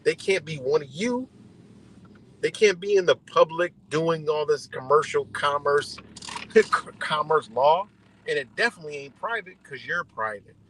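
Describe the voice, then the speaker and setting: A man's voice: on the high side, animated, unhurried, fairly bright tone, a little hiss or hum, low-quality recording. A man hosting a live stream, ranting bluntly and exasperatedly with heavy swearing. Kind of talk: profane ranting commentary.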